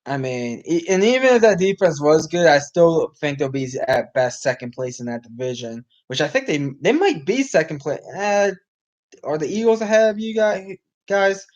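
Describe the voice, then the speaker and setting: A man's voice: a little high, very animated, normal speed, dull audio. Rambling man talking sports, voice going. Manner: rambling, restarts, many ums, reacts to live game. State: losing his voice. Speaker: sports podcast host. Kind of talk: casual live sports talk.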